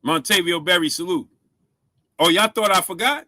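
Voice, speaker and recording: Bright-voiced man hosting a casual live stream. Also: high voice, normal speed, dry recording. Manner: shouts out viewers, asks for likes; stumbles over words, repeats himself.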